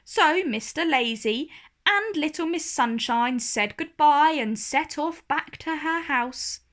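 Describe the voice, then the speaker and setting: A woman reading a children's storybook aloud in a slow, expressive manner. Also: high voice.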